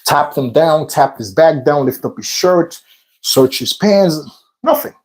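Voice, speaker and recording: A man's voice: a little high, expressive, a little slow, a little mellow, rough recording. A man casually telling a rambling personal story between workout sets, repeating himself and filling in with fillers. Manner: rambling, repetitive retelling with many fillers. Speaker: vlog host.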